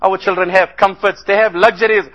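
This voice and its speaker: A man's voice: high-pitched, little pitch movement, brisk, a bit bright, poor audio. A man giving an earnest sermon about a relief trip, telling stories and rising into impassioned appeals. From South Africa. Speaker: Islamic speaker.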